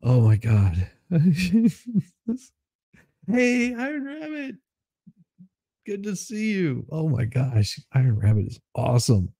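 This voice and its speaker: Giggly gravelly man, slow and husky. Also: fairly high pitch, wildly swooping pitch, mellow, dry recording, studio quality. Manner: laughs constantly, giggly and amused; reads viewer comments aloud. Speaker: livestream co-host reading chat. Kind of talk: casual live-stream chat.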